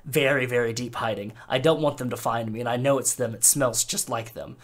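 A commanding male vampire prince barks quick orders in a tabletop game, voiced by the game master. He sounds brisk and businesslike, and his voice sits in an ordinary middle pitch. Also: steady tone, natural voice. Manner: rapid clipped orders. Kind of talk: voicing a character in a tabletop game.

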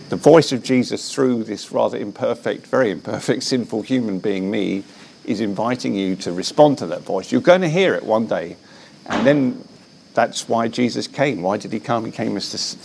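Brief: man, low gravelly voice, earnest preaching manner, faint background noise. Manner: earnest, animated, frequent restarts. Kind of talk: preaching in an interview. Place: Belfast.

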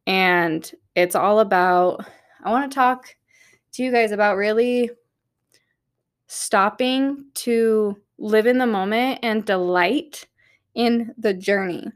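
A woman's voice: medium pitch, takes it slowly, clear, resonant tone. A woman hosting a podcast, talking candidly and upbeat, encouraging her listeners from her office at night. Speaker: podcast host. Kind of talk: motivational solo podcast talk.

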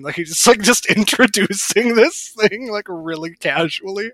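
A man's voice: high voice, normal speed, few pauses, fairly bright tone, no room sound. A man co-hosting a podcast, telling a story in a wry, amused way during casual chat. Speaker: podcast co-host.

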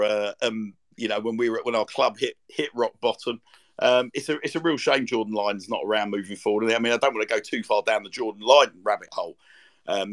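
A man co-hosting a casual football podcast, rambling through stories with plenty of ums and restarts. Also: lowish voice. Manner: rambling, full of fillers and restarts. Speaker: podcast co-host. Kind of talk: casual chat.

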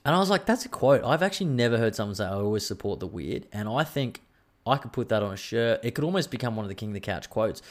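An Australian man hosting a podcast on his own, rambling in casual chat, swearing freely and joking at his own expense. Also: mid-range voice. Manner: rambling, profane, self-mocking banter. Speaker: podcast host.

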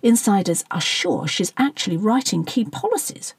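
Woman reading male politician, moaning, gossipy, husky. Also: mid-range voice, very animated, normal speed, dry recording, exaggerated voice. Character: worried, self-important middle-aged male politician.

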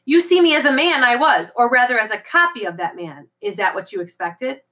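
A woman's voice: on the high side, lively intonation, fairly quick, sharp tone. A woman reading the lines of a vengeful monstrous male creature built of rubble, in a menacing, scornful way. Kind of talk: audiobook character reading.

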